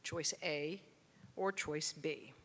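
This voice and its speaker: A middle-aged woman giving a storytelling speech, acting out the dialogue of her story with lively delivery. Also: deep voice, drawn-out words. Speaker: keynote speaker. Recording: long hall reverb.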